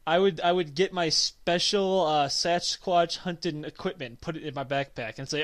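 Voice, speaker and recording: A young man co-hosting a podcast, telling stories in animated, profane casual chat. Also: fairly high pitch, normal speed, hardly any pauses. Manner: animated storytelling, swearing, laughing. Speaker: podcast co-host.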